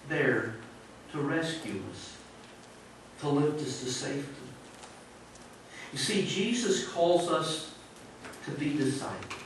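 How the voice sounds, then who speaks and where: A man delivers a sermon in an earnest, conversational way, often turning to his listeners with questions. His voice sits a little high and comes from some distance off the microphone. It rings through a very echoey church with a faint hiss behind it. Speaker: preacher. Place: church sanctuary.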